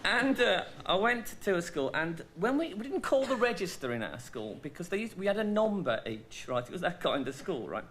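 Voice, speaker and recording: Deadpan Black Country man telling jokes. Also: sits high, noisy background. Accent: Black Country English. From West Midlands of England. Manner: deadpan storytelling with quick punchlines. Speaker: guest comedian. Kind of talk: talk-show anecdotes and jokes. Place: television studio with audience.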